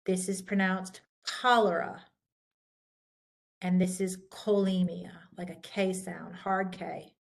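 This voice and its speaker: A woman with a low, creaky voice and a level tone gives a recorded lecture on pronunciation. Patient, slow and deliberate, she guides listeners through the rules by contrasting proper and mistaken pronunciations.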